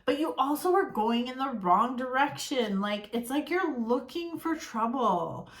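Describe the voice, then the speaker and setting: A woman's voice: sits high, lively intonation, a little slow, hardly any pauses, echoey room. A woman giving a casual tarot reading to camera, blunt and exasperated, swearing freely. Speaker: tarot reader.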